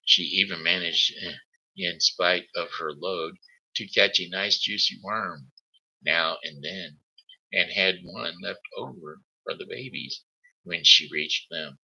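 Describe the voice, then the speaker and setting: A man reading a children's story aloud on his live show, halting, with slips and restarts. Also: deep voice, creaky, pushed and bright, slightly rough, low-quality recording. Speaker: host.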